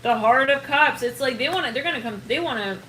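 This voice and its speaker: A woman giving a casual, excitable tarot reading to her viewers, rambling and trailing off and laughing often. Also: sits high, quick pace, reverberant, noisy background. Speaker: tarot reader.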